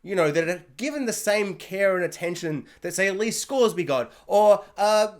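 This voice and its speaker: Guy ranting about a show at home, super animated, up and down pitch, goofy asides. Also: normal speed. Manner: animated, jokey, acts out scenes in silly voices. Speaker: show reviewer. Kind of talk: casual review rant. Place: hot room at home.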